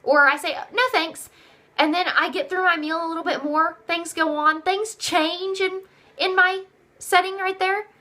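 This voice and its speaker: A young woman with a very high-pitched, sharp voice gives her sales team upbeat, repetitive coaching at normal speed. Her intonation stays fairly even. As the direct sales team leader, she raises her voice when acting out what customers say back.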